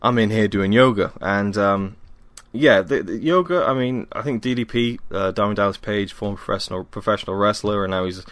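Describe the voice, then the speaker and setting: A man's voice: on the low side, a little fast, few pauses, a bit bright, dry recording. A young man from Wales, hosting a casual solo podcast at home, rambling and self-deprecating with many ums, tired after a workout. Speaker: podcast host.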